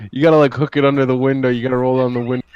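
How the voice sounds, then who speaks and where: A man's voice: medium pitch, darkish tone, smooth, lo-fi sound. A man playing a tabletop game, blunt and casual, swearing freely. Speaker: player.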